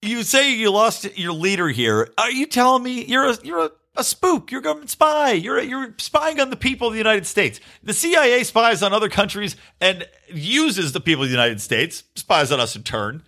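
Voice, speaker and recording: A man hosting his own podcast, ranting through a political commentary monologue with a sarcastic edge and casual swearing. His voice sits fairly high and bright. It swings up and down all the time. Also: animated, moderate pace, few pauses. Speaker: podcast host.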